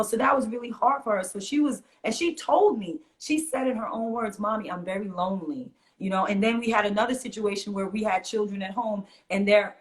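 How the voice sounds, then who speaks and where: A middle-aged woman, a mother and teacher, talking earnestly in an interview and acting out what she says to kids. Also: medium pitch. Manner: earnest, animated storytelling, acts out quotes. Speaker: guest, fitness teacher and mother. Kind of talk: conversational interview.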